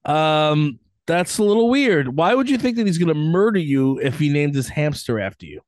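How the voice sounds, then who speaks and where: A man's voice: on the high side, very animated, normal speed, a little mellow, no echo, studio quality. A man co-hosting a podcast, chatting casually and joking, often acting out silly voices. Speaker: podcast co-host. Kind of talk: casual chat.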